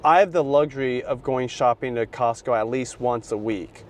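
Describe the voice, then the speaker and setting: A man's voice: mid-range voice, normal speed, slight background noise. Laid-back slangy man vlogging. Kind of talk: casual vlog talk to camera.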